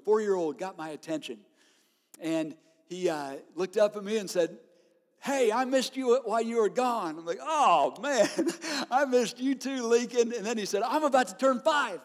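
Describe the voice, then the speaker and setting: A man preaching a sermon as a pastor, telling stories in an animated way and laughing often. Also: high-pitched. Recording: long hall reverb.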